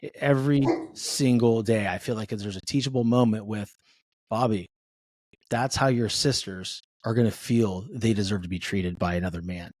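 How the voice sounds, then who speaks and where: A man's voice: fairly low pitch, moderate pace, darkish tone, no echo, clean studio sound. A man speaking as a podcast guest and father of three, telling earnest stories in a casual conversation and acting out family dialogue.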